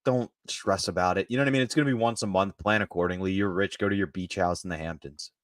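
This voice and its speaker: A man's voice: deep voice, fast, no echo, studio quality. A man co-hosting a comedy talk show, laid-back and joking as he shares his takes. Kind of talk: casual comedic chat.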